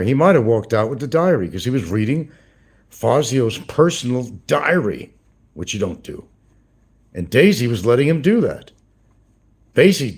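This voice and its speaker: A man's voice: lowish voice, a little mellow, husky. A man hosting a livestream, rambling through crude gossip with swearing and chuckles. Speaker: livestream host. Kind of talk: casual livestream commentary.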